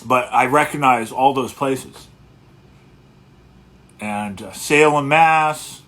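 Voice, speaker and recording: A man hosting a casual livestream as a guitarist, talking in a relaxed, rambling way and greeting viewers one by one. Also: mid-range voice, slow pace.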